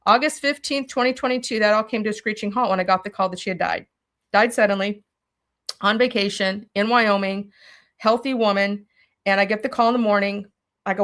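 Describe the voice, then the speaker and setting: A woman's voice: medium pitch, brisk, a bit bright. A middle-aged woman telling her story as an interview guest, urgent and emphatic, often acting out her own past words. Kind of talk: emotional personal storytelling.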